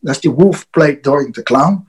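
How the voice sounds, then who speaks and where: A man's voice: fairly high pitch, expressive, moderate pace, low-quality recording. A man, a wrestler, telling a casual story with frequent chuckles, profanity and restarted words. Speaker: wrestler guest.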